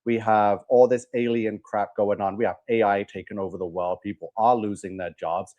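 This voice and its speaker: A man's voice: on the low side, steady tone, normal speed, darkish tone, highs cut off. A man hosting a religious commentary show, talking emphatically with scorn and repeated warnings. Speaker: host of a religious commentary channel. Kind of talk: preachy commentary.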